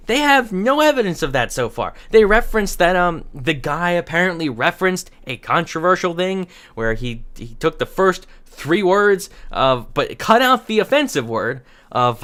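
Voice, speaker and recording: Rambling, argumentative young man, slightly high. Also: fairly bright tone. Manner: rambling, restarts sentences, frequent fillers, argumentative. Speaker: commentary channel host. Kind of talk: casual commentary reading and critiquing an article.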